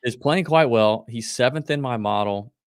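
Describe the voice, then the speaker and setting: A man co-hosting a golf betting podcast, talking in a quick, loose, joking way. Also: medium pitch, smooth, dry recording. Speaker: podcast co-host. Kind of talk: casual golf betting chat.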